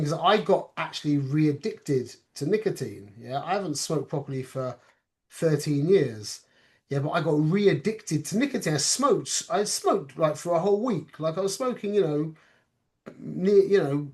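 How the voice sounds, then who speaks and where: A man with a fairly high voice leads a relaxed class and talks to his listeners as if chatting. He often asks "yeah?" to check they follow. He drops Hebrew and Yiddish words into his English as he teaches. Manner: conversational, keeps checking with "yeah?"; uses Hebrew and Yiddish terms. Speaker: religious teacher. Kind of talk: informal spoken class.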